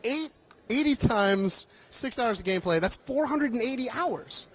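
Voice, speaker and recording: A man with a fairly high voice walks a loud convention hall while hosting a live stream. He jokes, swears casually and rambles loosely, sounding a little winded. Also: expressive, normal speed, breathy edge. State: tired, a bit out of breath. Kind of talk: casual walk-and-talk chat.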